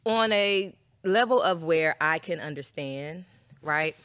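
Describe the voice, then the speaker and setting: A woman from Philadelphia talking as a podcast guest in casual chat, candid and emphatic, slowing down to stress her points. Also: low voice, expressive, fairly bright tone, smooth. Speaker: podcast guest, former dancer.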